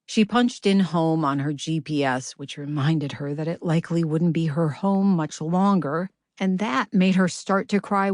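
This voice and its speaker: A woman narrating a novel as an audiobook reader, in a measured, gentle storytelling manner. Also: low voice, dry recording, clean studio sound. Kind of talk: scripted narration.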